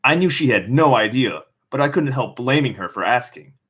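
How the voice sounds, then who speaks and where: A man's voice: mid-range voice, animated, moderate pace, fairly bright tone, husky. A man reading a novel aloud and breaking off for sarcastic comments on the text. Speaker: reader.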